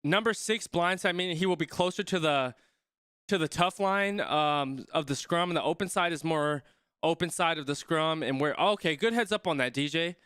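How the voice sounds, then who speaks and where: A young man talks casually through a live match, thinking aloud and stopping halfway through sentences as he reads viewer comments. His voice is bright and crisp, a bit higher than most men's, and it sits close and dry on the mic. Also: moderate pace, dry recording. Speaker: streamer reacting to a rugby match.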